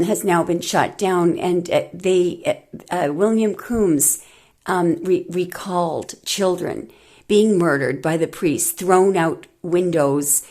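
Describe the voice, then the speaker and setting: A woman's voice: on the low side, a little mellow. A woman tarot reader delivering an emphatic, indignant monologue with many rambling restarts.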